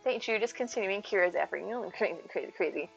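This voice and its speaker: A woman's voice: medium pitch, animated, fast, gravelly. A woman live streaming a game, chatting casually and bubbly with her viewers and thanking them often. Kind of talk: casual chat while gaming. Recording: slightly dull sound with faint music.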